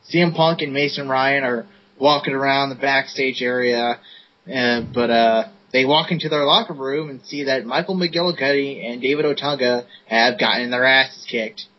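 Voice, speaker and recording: On dull, lo-fi podcast audio with a faint hiss, a male co-host chats casually about wrestling, recapping matches in a relaxed manner full of fillers. He speaks at a moderate pace in a medium-pitched voice.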